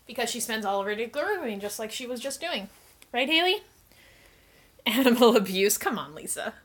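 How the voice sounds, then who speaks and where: A woman's voice: fairly high pitch, sing-song, moderate pace, slightly rough. A woman hosting a casual livestream, chatting with viewers and cooing baby talk at her cats.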